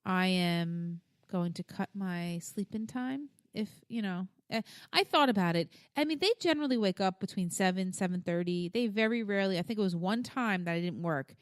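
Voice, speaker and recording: A woman's voice: medium pitch, moderate pace, few pauses, clear, resonant tone, dry recording, clean studio sound. A woman in her thirties co-hosting a podcast, chatting casually in a frank, rambling way, swearing freely. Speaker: podcast co-host. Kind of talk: casual chat.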